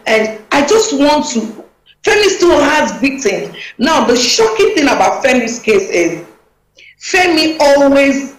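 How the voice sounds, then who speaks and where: A woman's voice: high-pitched, sing-song, a little slow, roomy sound, poor audio. A woman, a talk show guest speaking emphatically and urgently over a video call.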